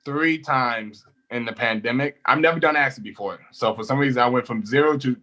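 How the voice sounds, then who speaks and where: A young man, a comedian, chatting casually and telling animated stories, laughing often and swearing freely. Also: medium pitch, brisk, highs cut off. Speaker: comedian guest. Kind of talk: casual storytelling chat.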